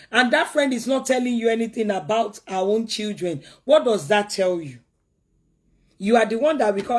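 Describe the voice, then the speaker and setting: A woman's voice: on the high side, expressive, normal speed, a little mellow, slightly rough. Earnest woman pleading and preaching. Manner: pleading, preachy, repeats words for emphasis. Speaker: commentator giving advice. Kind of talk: earnest talk-show commentary.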